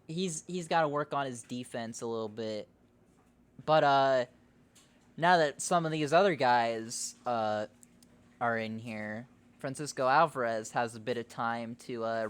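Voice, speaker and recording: Casual podcast guy, mid-pitched. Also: a little slow. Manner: loose and rambling, swears and laughs easily. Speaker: podcast host. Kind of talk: casual chat.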